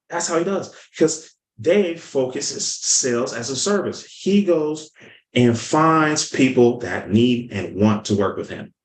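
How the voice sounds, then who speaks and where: A man giving an energetic sales lesson, telling stories and acting out the people in them. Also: medium pitch, a little slow, echoey room, rough recording. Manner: energetic, storytelling, acts out quotes. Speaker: sales coach. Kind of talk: motivational teaching talk.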